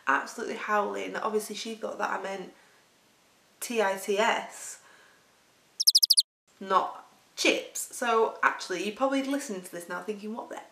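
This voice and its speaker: A woman's voice: mid-range voice, normal speed, vocal fry, pauses often, pushed and bright. Chatty Lancashire woman, roomy and distant. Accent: Lancashire English. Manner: chatty, laughs through her stories. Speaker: weight-loss vlogger. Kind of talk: rambling casual storytelling. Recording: roomy sound, distant from mic.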